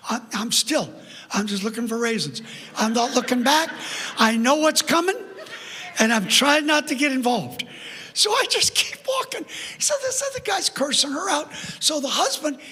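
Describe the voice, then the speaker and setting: An older man preaching as a guest speaker, telling a story in an animated way with frequent laughter. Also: very high-pitched, slightly rough. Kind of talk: storytelling sermon. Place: church sanctuary. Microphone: PA microphone. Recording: church sanctuary with long reverb.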